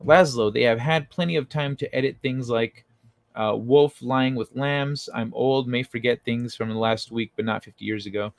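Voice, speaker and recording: Reading viewers' chat out loud on a laid-back late-night livestream, this host replies in a loose, profane manner and swears freely. He has a creaky, medium-pitched voice at a moderate pace, recorded with clean studio sound and no echo.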